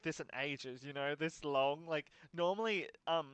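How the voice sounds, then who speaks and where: A man's voice: fairly high pitch, measured pace, a bit bright, smooth, no echo, dull audio. Breathless, rambling male streamer. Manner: rambling, filler-heavy, laughs often. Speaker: streamer playing a horror game. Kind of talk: casual live-stream commentary.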